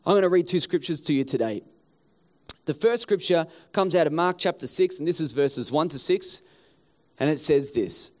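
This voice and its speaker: Male pastor, higher voice, animated sermon delivery. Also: moderate pace. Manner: animated preaching, acts out townspeople in quotes.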